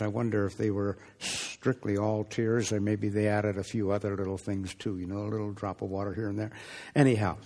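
A male preacher delivering a dramatic sermon, rising to emphasis and dropping to hushed, near-whispered lines. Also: on the low side. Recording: long hall reverb.

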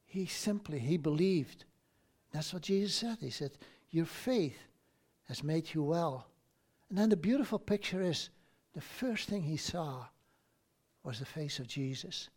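Man, sermon, fairly high voice, unhurried storytelling, restarts phrases, chatty asides. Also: expressive, darkish tone, slightly rough. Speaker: preacher.

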